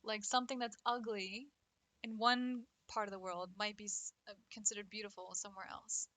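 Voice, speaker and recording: A woman's voice: mid-range voice, level tone, normal speed, sharp tone, dry recording. A young adult woman streamer chatting casually with viewers, playful and teasing, laughing often. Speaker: art streamer. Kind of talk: casual livestream chat.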